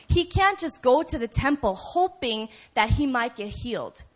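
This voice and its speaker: Woman preacher, sermon delivery, conversational and animated, slightly high voice. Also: normal speed. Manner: animated storytelling, acts out voices and shouts; conversational, frequent "right?" asides.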